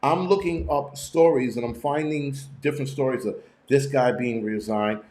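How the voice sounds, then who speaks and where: A man talking casually to his viewers, swearing freely and restarting sentences as he tells his stories. His voice sits at an everyday middle pitch. The sound carries the echo of a bare room. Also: moderate pace, darkish tone. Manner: profane, rambling storytelling with many restarts. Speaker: channel host. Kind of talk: casual live-stream rant.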